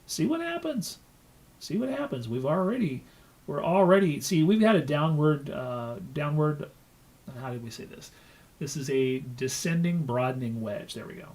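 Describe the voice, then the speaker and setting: A man hosting a crypto market show, explaining in a folksy, animated way, telling stories and swearing casually. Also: on the high side, moderate pace. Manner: folksy, animated storytelling with loose profanity.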